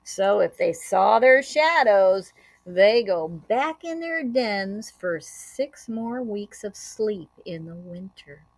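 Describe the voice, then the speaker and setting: A woman teacher reading a picture book aloud to children. She tells it with animated storytelling and adds short asides and sound effects. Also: mid-range voice, takes it slowly, dry recording.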